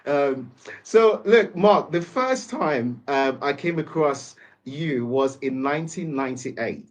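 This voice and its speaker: A man's voice: mid-range voice, expressive, slow pace. A man hosting an interview, asking questions in a chatty way with stumbling restarts and eager prompts. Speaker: host. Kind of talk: casual interview chat.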